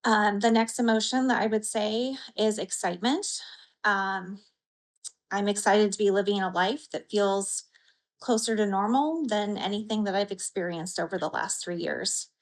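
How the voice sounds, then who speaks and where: A woman from Idaho, a patient giving an earnest, heartfelt personal account in an interview, pausing with soft fillers. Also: medium pitch, rough recording. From Idaho, USA.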